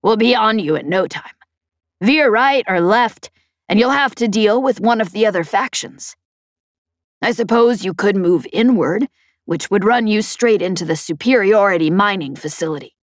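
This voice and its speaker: A woman voicing a loud, blustery older woman who captains a band of raiders, shouting high over the comm. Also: animated, normal speed, no room sound, studio quality, lightly acted. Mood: warning.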